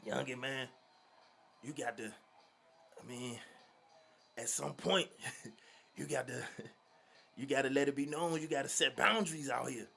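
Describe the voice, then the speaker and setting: Blunt, tough older mentor, gruff and pushy, put on by a man telling a story. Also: medium pitch, a little slow, pauses often, a bit bright, exaggerated voice. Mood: urging.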